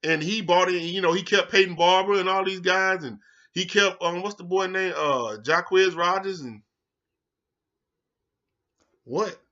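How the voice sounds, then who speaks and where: A heated man hosting a sports talk show rants casually, cursing freely and jumping from low mutters to loud outbursts. His voice sits a little high and sounds bright and forceful. The recording is dull and lo-fi. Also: a little slow, pauses often.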